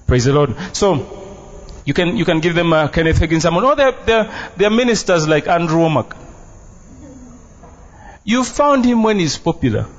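A man's voice: on the high side, big pitch swings, moderate pace, pauses often. A man preaching a sermon as pastor in a church, emphatic and playful, dropping Luganda phrases into his English. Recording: dull, muffled sound.

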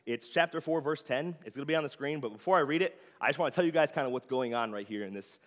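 A young male preacher talks to the congregation in a loose, chatty way, scattering filler words as he goes. His mid-pitched voice rings out with a long reverb tail through the sanctuary. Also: quick pace, a bit bright. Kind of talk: conversational sermon. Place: church sanctuary.

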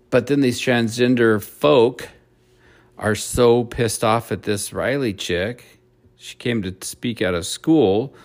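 A man's voice: lowish voice, vocal fry. A man hosting a solo opinion podcast, ranting in a blunt, profane way. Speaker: podcast host.

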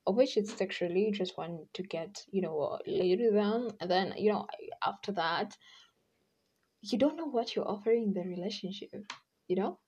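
A woman's voice: medium pitch, animated, normal speed, warm tone, slightly rough, lo-fi sound. A woman hosting a podcast, talking in a casual advice monologue, chatty and acting out quoted voices. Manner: chatty, acts out quoted voices, laughs often. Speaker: podcast host.

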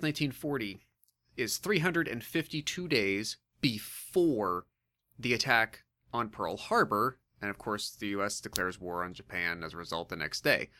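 A man with a lowish voice that still comes across bright and forceful. He explains history on a podcast in casual talk, stumbling through many "um"s and restarts as he finds his words. He talks at an even pace. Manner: hesitant, many fillers and restarts. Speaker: podcast co-host presenting comic history.

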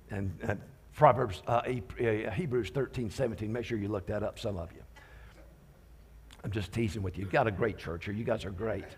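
A man's voice: mid-range voice, breathy edge. A man preaching a sermon as a visiting pastor, talking conversationally with restarts and light teasing.

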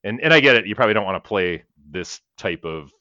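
Casting: low, bright-toned man, rambling podcast co-host, swears, laughs, slightly dull dry mic. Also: lively intonation, fast talker, no echo. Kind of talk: casual movie podcast chat.

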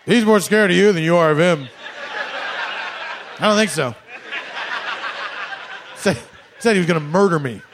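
A man's voice: high voice, lively intonation, moderate pace, long pauses, slight background noise. A man doing a comic monologue, sarcastic and mock-formal, often laughing as he talks. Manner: laughs through his words. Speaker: comedian.

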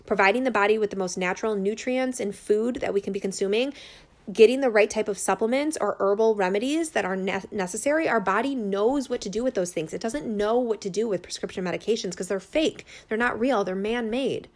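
A woman's voice: mid-range voice, a little fast. A woman in her thirties speaking earnestly and openly to her viewers as a holistic healer, unscripted and full of fillers. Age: 30s. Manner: unscripted, rambling with many fillers. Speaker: holistic healer and business owner. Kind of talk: personal testimonial vlog.

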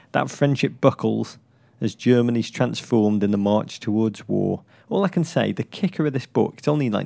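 A man co-hosting a podcast in casual comedic chat, playful and teasing, with jokes that jump up high. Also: creaky, a little mellow. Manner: playful, teasing, bursts into high jokey tones. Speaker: podcast co-host.

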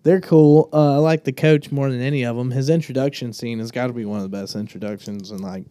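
A man's voice: medium pitch, fairly even intonation, quick pace, dark tone, no echo, studio quality. A young man with a Southern US accent, talking with a friend in a laid-back, drawling way. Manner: laid-back, drawling, puts on a jokey Irish accent at times. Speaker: podcast co-host. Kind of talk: casual chat.

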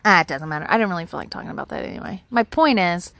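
A woman's voice: lowish voice, lively intonation, rapid-fire, a bit bright. A woman talking straight to camera outdoors at her home, giving casual advice in a candid, rambling way and swearing freely. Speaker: vlogger.

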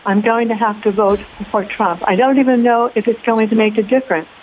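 A woman's voice: a little high, fairly even intonation, brisk. A woman calling in to a talk radio show, speaking hesitantly and sounding resigned. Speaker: caller. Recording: tinny phone line with faint hiss.

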